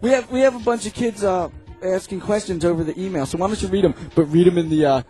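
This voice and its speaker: A man's voice: high-pitched, fast, mellow, faint music behind. A man co-hosting a radio talk show, laughing and egging the others on. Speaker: radio co-host.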